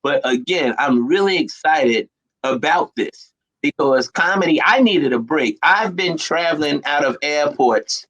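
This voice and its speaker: A middle-aged man from New Jersey talks in a casual chat. His voice sits a bit high, and he tells his stories with lively energy and frequent laughter. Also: a little slow, low-quality recording. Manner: animated storyteller, laughs often. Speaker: guest.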